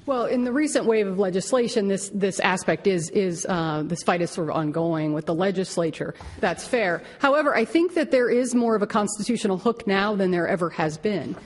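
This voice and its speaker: A woman attorney making a measured oral argument before a court, often restarting phrases. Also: mid-range voice, lively intonation. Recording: long reverb of a courtroom.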